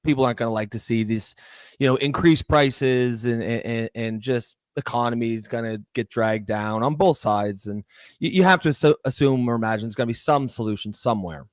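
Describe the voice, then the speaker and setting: A man's voice: mid-range voice, brisk, dry recording. A man co-hosting a casual political chat show, agreeable and hesitant, often restarting his sentences. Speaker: podcast co-host.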